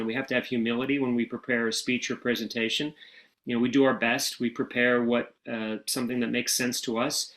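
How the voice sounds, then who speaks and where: Brief: American male interview guest, middle-pitched, relaxed anecdotal storyteller, plenty of fillers. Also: poor audio. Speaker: guest, former speechwriter.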